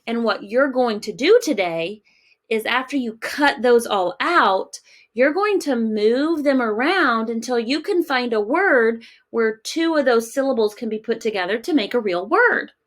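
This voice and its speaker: A woman teaching a recorded phonics lesson for children, gentle and encouraging, asking questions and pausing. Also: a little high, lively intonation.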